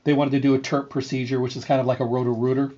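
A middle-aged man hosting a health show, telling a story in an earnest, repetitive way with lively energy. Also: mid-range voice, rapid-fire. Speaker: radio show host and health food store owner. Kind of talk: casual storytelling monologue. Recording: slightly dull, lo-fi sound.

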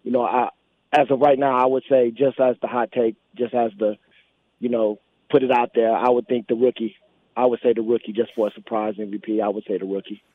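A man's voice: mid-range voice, little pitch movement, fairly quick, no room sound. A man calling in to a sports radio show, casually giving his pick for a surprise player. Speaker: caller. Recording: dry tinny phone line.

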